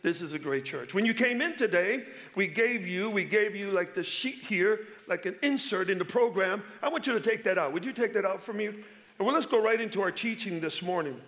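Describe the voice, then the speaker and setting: A man in his fifties from Chicago preaching a sermon as a visiting pastor. His voice sits high for a man, and he keeps it lively and playful, urging the congregation to answer him. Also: fairly quick. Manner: energetic, playful, calls for audience response. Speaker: guest pastor.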